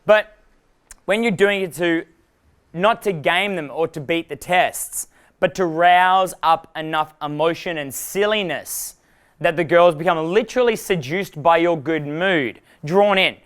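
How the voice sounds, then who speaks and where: High-voiced, swearing dating coach. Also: male voice, unhurried, clean tone. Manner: animated, profane, laughs at his own jokes. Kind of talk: live seminar talk.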